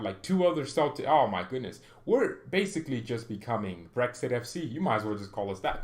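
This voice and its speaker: A man hosting a fan channel, ranting in a chatty, animated way and often tagging sentences with questions. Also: mid-range voice. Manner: animated ranting with bursts of loud exclamation; chatty, frequent "right?" tag questions. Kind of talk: casual opinion vlog.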